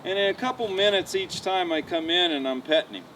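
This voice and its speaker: A man working as a horse trainer, explaining in a relaxed, folksy way with many fillers, outdoors at a ranch pen. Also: high-pitched, fairly quick. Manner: folksy, relaxed, lots of "you know" fillers. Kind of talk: casual explanation on a walk-around. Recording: distant outdoor mic, faint background noise.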